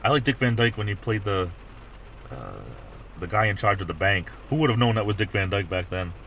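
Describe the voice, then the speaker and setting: A middle-aged man hosts a livestream, chatting casually and rambling with many restarts in a fairly low, animated, slightly bright voice. He speaks briskly, and there's a little hiss or hum.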